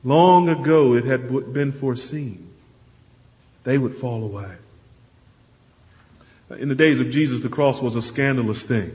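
A man's voice: mid-range voice, a little slow, pauses often. A man preaching a sermon, earnest and emphatic, often repeating words as he stresses a point. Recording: dull lo-fi sound with long hall reverb.

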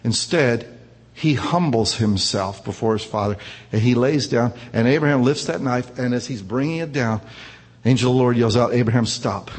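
Husky-voiced preacher in an echoing hall. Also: male voice, mid-range voice, moderate pace. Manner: emphatic preaching, rising and falling. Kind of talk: sermon. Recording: long hall reverb.

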